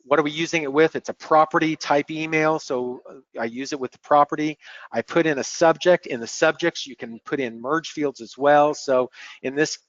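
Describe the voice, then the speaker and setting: A man presenting a software demo on a screen-share webinar, explaining step by step in a relaxed way and often repeating words as he clicks. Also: on the high side, moderate pace, dry recording. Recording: dull lo-fi webinar audio.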